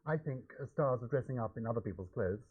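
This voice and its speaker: A man's voice: medium pitch, expressive, fast talker, breathy edge. A man with a British English accent reading viewers' letters on a breakfast TV show in a droll, theatrical, mock-grand way. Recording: lo-fi 1980s TV broadcast tape.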